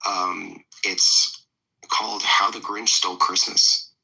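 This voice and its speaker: A man in casual chat who also reads a storybook aloud, talking haltingly with repeated restarts. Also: deep voice, steady tone, creaky, sharp tone, rough recording.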